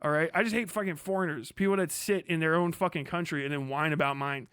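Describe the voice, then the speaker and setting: Profane ranting streamer with a high voice. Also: male voice, fairly even intonation, quick pace, clear, resonant tone, no room sound, studio quality. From Kentucky. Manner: crude, mocking, loud ranting with frequent laughter. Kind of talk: profane political rant on a livestream.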